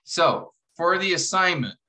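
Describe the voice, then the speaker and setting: A man lecturing to a class, walking students through an assignment step by step, restarting phrases and slowing down to read verses aloud. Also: high voice, animated, pushed and bright, rough recording. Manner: explanatory, repeats and restarts phrases, reads verses slowly. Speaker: instructor.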